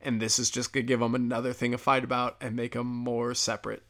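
A man's voice: medium pitch, little pitch movement, fast, fairly bright tone. A man ranting casually and bluntly on his own show, profane, sarcastic and rambling from point to point. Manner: rambling with restarts. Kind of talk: casual solo rant.

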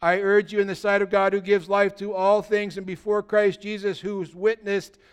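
A male pastor preaching in a church, talking to the congregation in an easy, conversational way and throwing questions out to them. His voice sits high and sounds smooth and resonant. He moves between loud, energetic stretches and quieter, softer ones. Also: normal speed. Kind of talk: sermon.

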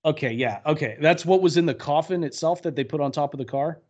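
A man's voice: on the high side, fast talker, a little mellow. A man co-hosting a podcast, chatting loosely and profanely about a film with friends. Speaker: podcast co-host. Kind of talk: casual film discussion. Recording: muffled lo-fi audio.

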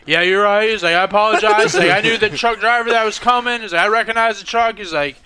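Male podcast co-host, high and bright, profane storyteller. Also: fast talker, slight background noise. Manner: swearing, repeats himself, lots of "he was like". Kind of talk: casual storytelling chat.

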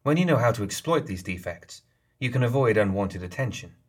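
A smug, knowing geisha woman who enjoys toying with her listener, as a man reads her. The voice is low and husky, lifted only a little for her. It is a storybook reading with playful, teasing turns. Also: lively intonation, brisk. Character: sly, smug female geisha leader.

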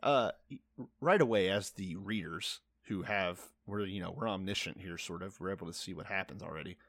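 A man's voice: low-pitched, moderate pace, a bit bright. A young man in casual podcast chat, explaining a reading with wry, casual swearing.

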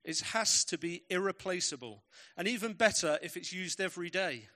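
A man's voice: high-pitched, animated, moderate pace, sharp tone. A man preaching a sermon, telling stories with emphatic, varied pacing.

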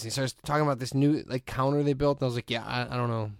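Man, podcast co-host, mid pitch, dry studio sound; animated storyteller who acts out quotes. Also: rapid-fire, clean tone, dry recording. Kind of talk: casual chat.

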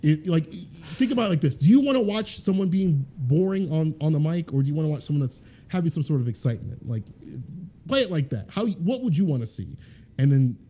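A man's voice: a little high, sing-song, brisk, mellow, breathy edge. A man talking as a podcast guest, in a rambling, earnest way full of fillers. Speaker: guest fighting game commentator. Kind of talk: casual podcast chat.

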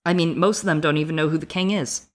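Low-voiced chatty woman podcaster. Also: fairly even intonation, quick pace. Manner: chatty, laughs easily, swears casually. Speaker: podcast co-host. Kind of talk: casual book discussion.

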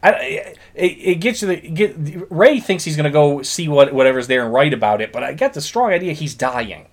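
A man's voice: on the high side, animated, normal speed. A man co-hosting a podcast in casual chat, earnestly retelling film scenes. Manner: earnest storytelling, acts out quotes. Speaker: podcast co-host.

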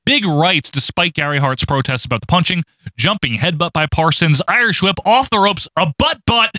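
A man's voice: on the high side, moderate pace, dry recording, clean studio sound. A man co-hosting a casual podcast, recapping a wrestling match with jokey play-by-play and frequent laughter. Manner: jokey, laughs often, animated play-by-play delivery.

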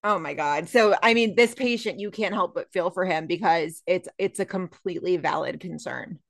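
A woman's voice: lowish voice, normal speed, creaky. A woman co-hosting a podcast in a loose, casual chat. She recaps a TV episode and keeps dropping into the characters' lines as she retells it. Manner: chatty, lively, retells scenes with quoted lines. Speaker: podcast co-host.

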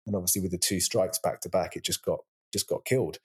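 British guy guest, kinda low voice, stumbles and restarts a lot. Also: fairly even intonation, fast, breathy edge. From England. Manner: rambling, many restarts and repeated words. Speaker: guest, actor and writer. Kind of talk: casual interview chat.

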